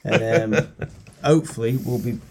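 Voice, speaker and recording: A man's voice: medium pitch, a little slow, a little mellow, husky. A man co-hosting a podcast, talking bluntly and swearing often. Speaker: podcast co-host. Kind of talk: casual chat.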